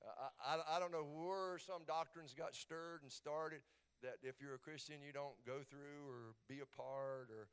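Man, pastor, sermon, fervent, stammering repeats, slightly high voice, nearly empty church. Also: fairly even intonation, measured pace, clear, resonant tone. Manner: builds from quiet pleading to loud, fervent preaching with stammered repeats. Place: church sanctuary, mostly empty.

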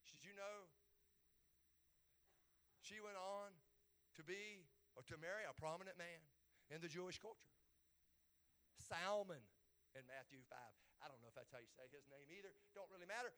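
Bright, high-voiced animated preacher man. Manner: animated, repetitive, builds to exclamations. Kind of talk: sermon.

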